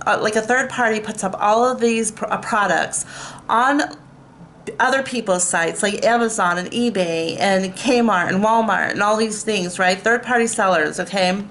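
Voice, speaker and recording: A woman's voice: fairly high pitch, a bit bright, slight background noise. A woman vlogger ranting to camera, exasperated and swearing, with lots of fillers and bursts of laughter at herself. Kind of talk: casual rant to camera.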